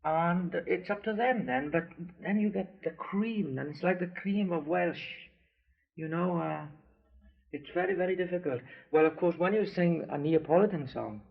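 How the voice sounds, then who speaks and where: A man, a guest on a radio interview, speaking in a halting way with many restarts. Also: sits high, vocal fry. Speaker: interview guest, singer's husband. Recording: dull lo-fi 1970s radio recording.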